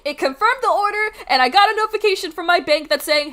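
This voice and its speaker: A woman streamer telling a story to her chat at home, animated, swearing freely and laughing as she goes. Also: sits high, fast, few pauses. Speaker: art streamer.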